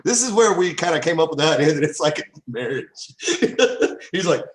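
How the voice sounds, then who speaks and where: A man co-hosting a casual chat show, playful and teasing as he banters with his partner. His pitch is a bit high and swings widely, and the room sounds echoey. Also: expressive, normal speed, a little hiss or hum. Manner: playful and teasing, jokes about feeling left out. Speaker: co-host.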